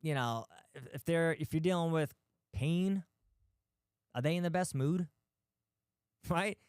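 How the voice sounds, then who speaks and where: A man's voice: a little high, takes it slowly, clean tone, no room sound, studio quality. A man hosting a talk for healthcare practice owners, blunt and emphatic, firing off rhetorical questions and the odd swear word. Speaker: podcast host, physical therapist.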